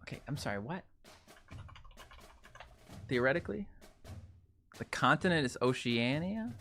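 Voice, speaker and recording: A young man giving casual gameplay commentary to his viewers, chatty and animated, ranting playfully as he plays. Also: medium pitch, measured pace, soft background music. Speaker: gaming YouTuber.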